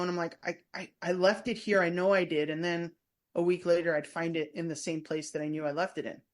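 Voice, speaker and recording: A woman telling stories as a guest in a casual interview, meandering and often restarting her sentences. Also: on the low side. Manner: chatty, meandering, full of restarts. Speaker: guest, former prison staff member and tour guide. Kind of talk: casual storytelling in a podcast interview.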